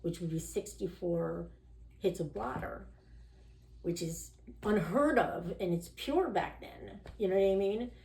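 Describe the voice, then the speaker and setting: A woman sits for an interview and tells her story in a loose, candid way, stacking up "you know" and "like" and slipping into the voices of the people she quotes. Her voice sits in a middle pitch. The room around her gives a noticeable echo. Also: unhurried, vocal fry, dark tone. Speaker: podcast guest telling her recovery story. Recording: roomy echo.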